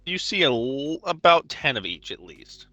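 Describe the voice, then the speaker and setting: A man's voice: medium pitch, sing-song, moderate pace, pushed and bright, no room sound, muffled recording, faint music behind. A man running a tabletop game as game master, narrating scenes casually.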